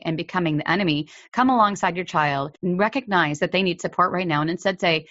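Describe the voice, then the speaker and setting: Woman podcast host, lowish voice, earnest coaching delivery, dry dull lo-fi recording. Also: fairly quick, few pauses, fairly bright tone, no room sound. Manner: earnest, coaching, acts out parent quotes. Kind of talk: advice podcast monologue.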